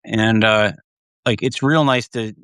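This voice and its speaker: A man's voice: fairly low pitch, fairly even intonation, slow, a bit bright, clean tone, dry recording, studio quality. A man hosting a livestream, talking in a casual, rambling way, swearing freely and laughing often. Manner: profane, laughs often, trails off and restarts. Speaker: livestream host.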